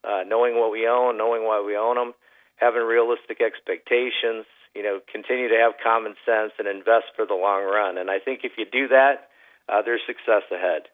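A man giving a relaxed radio interview as an investment advisor, telling folksy stories with lots of "you know" fillers. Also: lowish voice, a little fast, phone-quality sound. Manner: folksy storyteller, many fillers. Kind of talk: casual radio interview chat.

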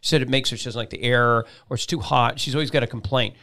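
Man, talk host, rambling, casual, mid-pitched. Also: fairly even intonation, fast, creaky, fairly bright tone. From Columbus, Georgia. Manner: rambling, restarts sentences often. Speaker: radio show host. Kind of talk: casual talk show chat.

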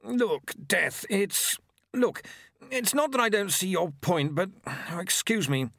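A man's voice: high-pitched, animated, slow pace, vocal fry, a bit bright, dry recording, studio quality, pitched above the performer's own voice, full character voice. A man voicing Pestilence, a sly, fidgety horseman of plague who talks in a flustered, evasive way.

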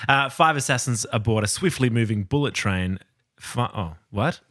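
Bright-toned man bantering on a podcast. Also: medium pitch, lively intonation, moderate pace. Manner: playful, teasing, laughs easily. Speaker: podcast co-host. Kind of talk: casual film review chat.

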